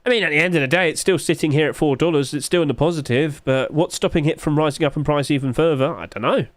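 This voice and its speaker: A man's voice: on the high side, quick pace, no room sound, clean studio sound. A man, musing aloud in casual livestream commentary and asking himself rhetorical questions. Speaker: streamer.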